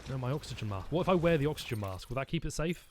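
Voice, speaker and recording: A man's voice: medium pitch, expressive, rapid-fire, a little hiss or hum. A man streaming a video game, rambling and joking with his chat as he plays. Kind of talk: let's-play commentary.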